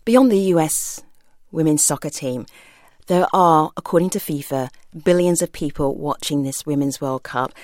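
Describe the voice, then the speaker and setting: A woman radio news host reads her setup and questions with a brisk, scripted delivery. Her voice sits very low for a woman. The studio sound is dry and close. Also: dry recording. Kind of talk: radio interview hosting.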